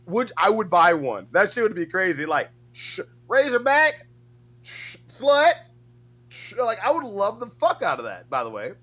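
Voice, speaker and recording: A man's voice: sits high, very animated, a little fast, hardly any pauses, bright, forceful tone, slightly rough. A man co-hosting a show, chatting loosely and joking with lots of filler words. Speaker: podcast co-host. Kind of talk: casual chat commentary.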